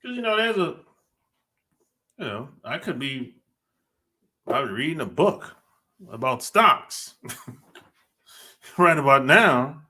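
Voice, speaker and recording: A male podcast host talks slowly and easily, laughing and teasing as he goes. His voice sits on the high side and swings around a lot. The tone is bright and forward. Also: big pitch swings. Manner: laid-back, laughs often, teasing. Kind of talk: casual podcast talk.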